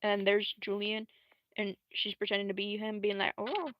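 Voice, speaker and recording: A young adult woman livestreaming in casual, slangy, rambling talk, swearing freely and jumping into squeaky high voices to quote characters. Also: completely flat delivery, moderate pace, no room sound, highs cut off. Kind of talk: casual live-stream commentary.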